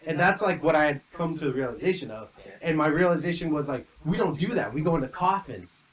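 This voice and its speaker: Talking fast in a fairly high voice, this young podcast co-host rambles through a long story full of "like" fillers and vivid acted quotes. Audio quality is poor.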